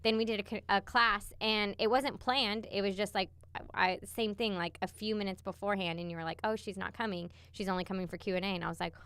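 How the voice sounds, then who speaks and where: A woman's voice: mid-range voice, steady tone, quick pace, fairly bright tone, clean tone, dry recording. A young woman co-hosting a coaching podcast, chatty and full of "like" as she talks. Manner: chatty, heavy use of "like". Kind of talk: casual chat.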